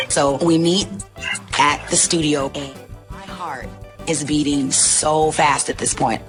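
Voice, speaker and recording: A woman breathlessly recounting an anecdote, gushing with excitement. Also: deep voice, measured pace, music in the background. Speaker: singer. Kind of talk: talk show anecdote.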